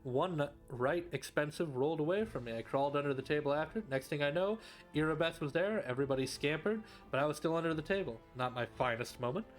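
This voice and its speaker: A man's voice: on the high side, fast, faint music behind, lightly acted. A man reading game lines as a shifty young male thief, telling his tale in a breezy slangy way. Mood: aggrieved bragging. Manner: breezy storytelling, street slang. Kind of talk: reading game dialogue aloud on stream.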